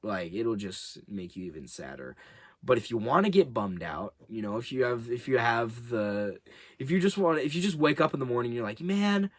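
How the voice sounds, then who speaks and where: A man rambles through a casual movie review at home, his pitch bouncing up and down all the while. He swears freely and keeps circling back on himself. The sound is close and dry, with no room echo. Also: sing-song, normal speed, husky. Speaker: movie review channel host.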